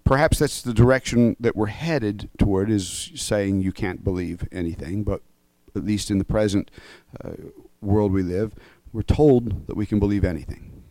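A man preaching in a warm, mellow voice, laying out his argument point by point and pressing each one home. He keeps checking in with his listeners as he goes. The recording is close and dry, with no room sound. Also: lowish voice, normal speed, few pauses, no room sound. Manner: emphatic, reasoning step by step, often checks in with "okay?". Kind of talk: sermon-style teaching.

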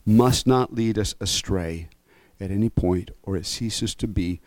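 A man preaching in a warm, mellow voice, laying out his argument point by point and pressing each one home. He keeps checking in with his listeners as he goes. The recording is close and dry, with no room sound. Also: on the low side, unhurried, no echo. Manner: emphatic, reasoning step by step, often checks in with "okay?". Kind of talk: sermon-style teaching.

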